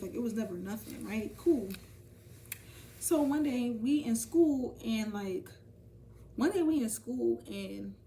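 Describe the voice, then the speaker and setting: A young woman telling a casual storytime vlog, animated and profane, talking straight to her viewers. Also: on the high side, far from the mic. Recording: voice from off the mic, faint ambient noise.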